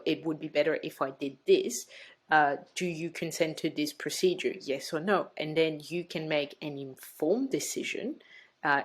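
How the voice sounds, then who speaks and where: A woman, hosting a casual chat as a doula and speaking earnestly and emphatically. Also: low voice. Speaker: doula and podcast host.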